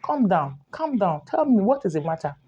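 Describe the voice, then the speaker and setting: A woman voicing a calm, learned man who questions and soothes a crying stranger. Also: medium pitch, normal speed, husky, dull audio. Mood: questioning.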